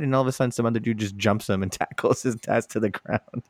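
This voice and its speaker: A man in casual podcast chat, talking in an animated, profane way and breaking into laughter. His voice sits in a middle register and the sound is dry and close. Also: medium pitch, fast, hardly any pauses, dry recording.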